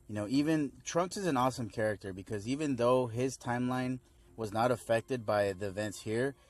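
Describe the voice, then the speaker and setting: A young man rambles through a casual episode recap in a lowish voice, laid-back and full of fillers. Faint music sits under him. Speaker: fan video reviewer.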